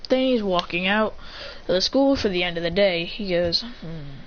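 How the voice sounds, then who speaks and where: A woman's voice: lowish voice, moderate pace. A woman telling an improvised fan-fiction story in a rambling, self-correcting way, adding vocal sound effects as she goes. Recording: slightly muffled, faint hiss.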